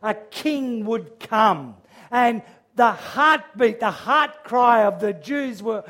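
Earnest, slow-speaking high-voiced preacher. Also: male voice, lively intonation, pushed and bright. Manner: earnest, measured, with repeated restarts; quotes scripture in a raised, crying-out voice. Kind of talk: sermon.

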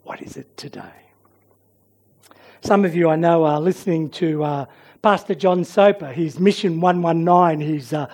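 A preacher delivering a sermon and prayer at an unhurried pace. The delivery is dramatic storytelling that swings between strong emphasis and hushed, near-whispered lines. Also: mid-range voice.

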